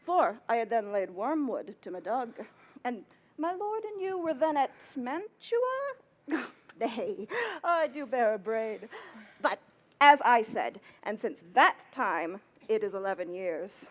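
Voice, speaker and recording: A woman's voice: fairly high pitch, sing-song, slow, heavily acted. A woman playing a rambling, laughing old nurse. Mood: chattering. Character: chattering old nurse, bawdy and fond. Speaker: stage actor. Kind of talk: outdoor Shakespeare stage acting.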